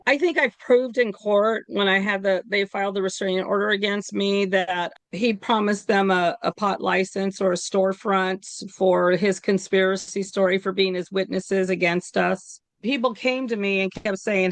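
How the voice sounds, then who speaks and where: A woman's voice: medium pitch, normal speed, few pauses, no room sound. Chatty Bay Area woman telling stories. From California Bay Area. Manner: animated storytelling with laughs and acted quotes. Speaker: guest, local activist. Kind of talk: casual interview chat.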